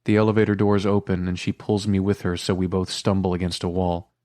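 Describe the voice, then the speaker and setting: A man with a very low, deep voice narrates a first-person romance audiobook. He reads in a quiet, intimate, measured way. The sound is dry and close, with no room around it. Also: level tone, no room sound.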